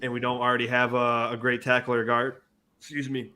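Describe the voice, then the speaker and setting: A man's voice: mid-range voice, completely flat delivery, a little fast, bright, forceful tone. A man on a sports podcast panel, talking in a casual, rambling way and often repeating himself.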